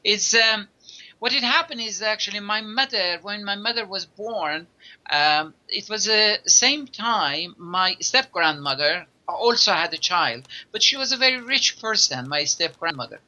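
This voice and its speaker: A man who is a non-native English speaker, a guest telling stories in halting, filler-heavy talk. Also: high-pitched, animated, sharp tone, dull audio. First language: not English. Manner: halting, many fillers, laughs often. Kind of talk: conversational storytelling.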